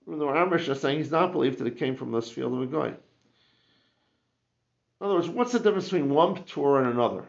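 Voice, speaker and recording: A man with a very gravelly, creaky voice leads a Talmud class, asking rhetorical questions and restarting his sentences. The recording is muffled and lo-fi. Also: medium pitch, lively intonation, quick pace, long pauses. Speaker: Talmud teacher.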